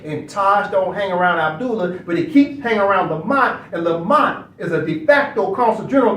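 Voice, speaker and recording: A man with a very high voice hosts a study session and lectures in a casual, preachy way. He keeps circling back with rhetorical questions. He sits well back from the mic in a room that rings with echo. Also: fairly bright tone. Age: adult. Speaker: online study session host. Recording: echoey room, far from mic.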